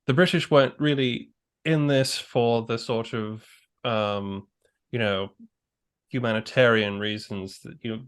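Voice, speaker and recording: A man hosting a casual history discussion, thoughtful and rambling as he talks through his ideas aloud. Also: mid-range voice. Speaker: podcast host.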